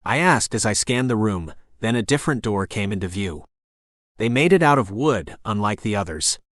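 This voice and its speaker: A man narrating a first-person novel as an audiobook in a steady storytelling voice. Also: on the low side, moderate pace, dry recording, studio quality.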